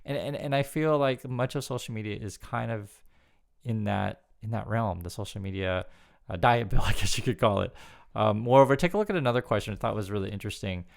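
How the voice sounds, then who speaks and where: A man's voice: fairly low pitch, fairly quick, gravelly. A man giving casual spoken commentary, chatty and often repeating words as he talks. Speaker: news commentary YouTuber.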